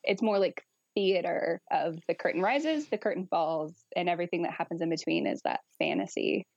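A woman's voice: fairly low pitch, normal speed, no room sound, muffled recording. Frank, laughing woman talking about kink. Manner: frank, animated, laughs often, swears. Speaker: guest kink educator. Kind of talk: casual podcast chat.

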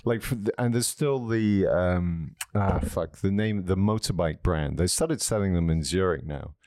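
A man's voice: deep voice, unhurried, a little mellow, no echo, studio quality. A man co-hosting a casual podcast chat, often searching for words, swearing and restarting his sentences. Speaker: podcast co-host.

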